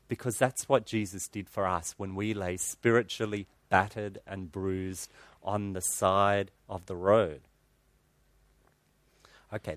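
A man's voice: fairly low pitch, a bit bright, no room sound. A male pastor, giving an earnest, conversational sermon in a church that includes a personal story.

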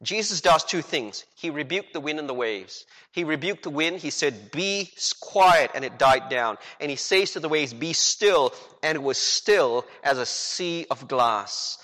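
A man preaching a sermon as a pastor, animated and full of rhetorical questions, acting out the quotes he tells. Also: a little high, moderate pace, few pauses. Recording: long hall reverb.

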